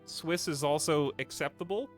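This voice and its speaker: A man's voice: fairly high pitch, moderate pace, faint music behind. A man streaming a game live, rambling casually to his chat as he plays. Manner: rambling, talks to chat while playing.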